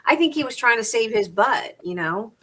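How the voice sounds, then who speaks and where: A woman's voice: on the high side, animated, normal speed, fairly bright tone, poor audio. A middle-aged woman hosting a crafting live stream, chatting casually and rambling as she repeats and restarts words. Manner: reads crafting measurements aloud. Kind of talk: casual chat while crafting.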